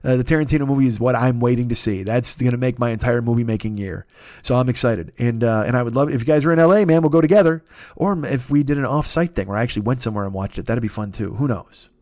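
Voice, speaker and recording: A man in his fifties hosting a casual solo podcast, rambling and swearing as he tells animated stories. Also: mid-range voice, fast, no echo, studio quality. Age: 50s. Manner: profane, rambling, animated storytelling. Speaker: podcast host.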